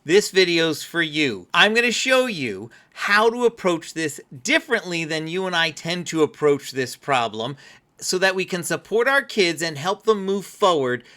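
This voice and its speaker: A man's voice: fairly high pitch, big pitch swings, moderate pace, bright, forceful tone. A man giving an earnest, explanatory parenting lesson straight to camera. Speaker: parenting coach. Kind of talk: instructional talk to camera.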